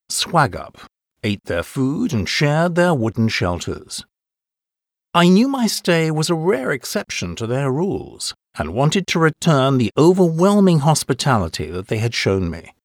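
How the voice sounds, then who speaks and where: Brief: a man narrating a course-book listening passage, expressive and swinging widely in pitch, recorded dry and close. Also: dry recording. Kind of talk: scripted narration.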